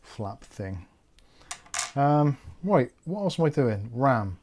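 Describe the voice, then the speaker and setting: A man with a Bristolian accent talks through a PC build on a livestream, easygoing and conversational. His voice sits at an ordinary middle pitch, and he tends to think aloud between tasks. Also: sing-song, slow, darkish tone, slight background noise. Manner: chatty, thinks aloud while working. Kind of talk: casual livestream chat.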